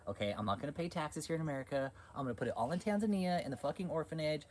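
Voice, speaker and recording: A man's voice: medium pitch, big pitch swings, fast talker, a little hiss or hum. A man putting on the voice of a greedy, brash woman preacher to mock her, crude and sneering.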